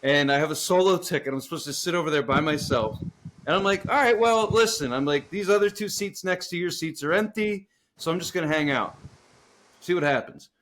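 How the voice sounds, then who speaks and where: A man with a slightly raised voice tells a rambling, swearing story for a podcast. He is animated and quick to laugh, and his voice jumps up when he acts out the other people in the story. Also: fairly high pitch. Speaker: podcast co-host. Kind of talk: casual storytelling chat.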